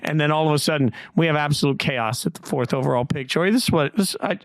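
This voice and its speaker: Male sports podcast host, middle-aged, quick animated talker, slightly raised voice, dry close sound. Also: on the high side, no echo. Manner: animated storyteller, playful voice jumps. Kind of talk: casual sports chat.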